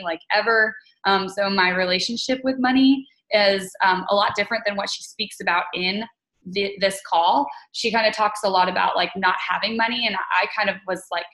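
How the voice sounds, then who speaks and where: A woman's voice: medium pitch, fairly bright tone, rough recording. Chatty woman telling a story on a call. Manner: chatty, candid, many fillers and restarts. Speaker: team leader on a group call. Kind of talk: casual personal story on a group call.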